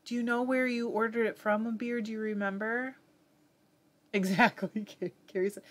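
A chatty woman with a Southern US lilt hosts a casual live stream. She reads out viewers' comments and answers them, often laughing as she goes. Her voice sits at an ordinary middle pitch. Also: big pitch swings, normal speed, vocal fry. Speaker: host of a live fiber arts stream.

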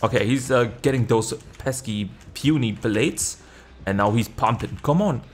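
A man giving live gameplay commentary, excitable, swearing casually, jumping to high yelps when the game gets tense. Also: measured pace, breathy edge. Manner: swears casually and laughs at himself. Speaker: video game streamer.

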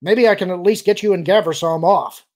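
A man's voice: high-pitched, brisk, a little mellow, voice pushed up, natural voice. A man reading an audiobook, voicing a brash, impatient male starship pilot who growls and snaps his lines. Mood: worried.

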